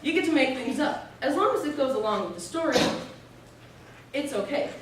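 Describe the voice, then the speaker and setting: A young woman gives a steady, explanatory student talk, now and then pausing on a filler. Her voice sits a little high and comes from some distance off the mic. A strong echo fills the room around her. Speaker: student presenter. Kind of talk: informative speech.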